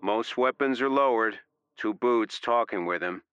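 A man voicing a tense lookout who gives slow, clipped status reports. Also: medium pitch, fairly bright tone, clear, resonant tone, no room sound, muffled recording, voice pushed up, natural voice. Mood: tense reporting. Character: tense male lookout watching monitors.

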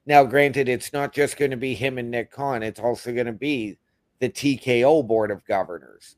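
A man's voice: mid-range voice, moderate pace, a little mellow, no echo. A man co-hosting a casual podcast, reading out news items and commenting on them. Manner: reads out announcement details, then comments. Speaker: podcast co-host.

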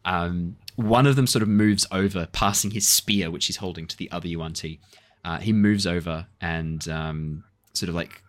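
Low-voiced male game master narrating casually. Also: normal speed.

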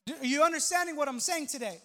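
Male pastor in his thirties, very high voice, chatty sermon with jokes and bursts of emphasis. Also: fast talker, a bit bright. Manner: conversational, humorous preaching with rising emphatic outbursts.

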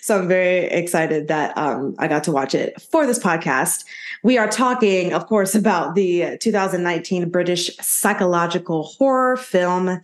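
A woman's voice: on the low side, expressive, normal speed, reverberant. A woman co-hosting a horror podcast, chatty and bubbly with frequent giggles. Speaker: podcast co-host. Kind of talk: casual podcast chat.

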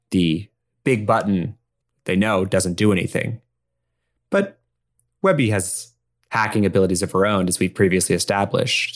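A man narrating as game master in a relaxed, jokey way. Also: fairly low pitch, creaky.

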